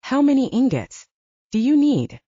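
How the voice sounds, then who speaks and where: A woman's voice: high-pitched, big pitch swings, a little slow, warm tone, no echo, highs cut off, voice pushed up, exaggerated voice. A woman voicing a wry, shrewd young male hero in a storybook reading. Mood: bargaining.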